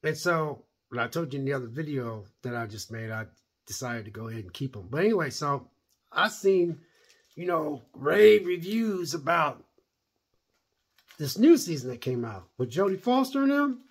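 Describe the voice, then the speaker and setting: Husky-voiced man ranting about a show. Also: on the high side, big pitch swings, moderate pace. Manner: rambling, blunt and opinionated. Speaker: show reviewer. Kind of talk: casual spoken review.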